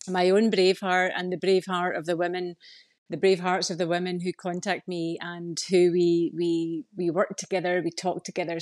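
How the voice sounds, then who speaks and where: A woman's voice: mid-range voice, no echo, clean studio sound. A Scottish woman living in Ireland, her accent tinged Irish, speaking as a podcast guest and laughing easily. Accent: Scottish with Irish influence. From Scotland. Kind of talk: podcast interview.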